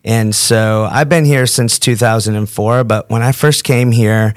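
A man's voice: mid-range voice, steady tone, a little slow, dry recording, clean studio sound. A man from the northern United States hosting a podcast, joking with puns and running a quiz game. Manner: jokey, punning, upbeat. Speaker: podcast host. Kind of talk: playful interview and quiz game.

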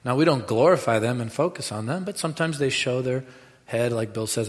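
A man preaching a sermon in a lively, animated way, dropping to quiet asides and rising to loud bursts. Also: mid-range voice, a little fast. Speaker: pastor. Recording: reverberant hall.

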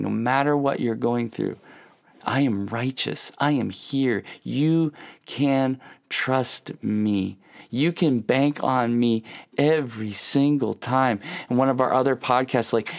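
A man giving an earnest, encouraging devotional sermon for a podcast, often dropping to soft, hushed asides. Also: mid-range voice. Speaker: pastor.

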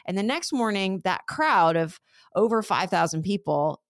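A woman's voice: mid-range voice, expressive, moderate pace, dry recording, studio quality. A woman teaching a casual Bible lesson, retelling scripture scenes in conversational everyday speech.

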